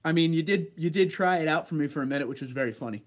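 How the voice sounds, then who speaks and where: A man casually chatting with his viewers and answering their comments during a livestream, laid-back and quick to laugh. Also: fairly high pitch. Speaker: livestream host reading chat. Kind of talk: casual chat.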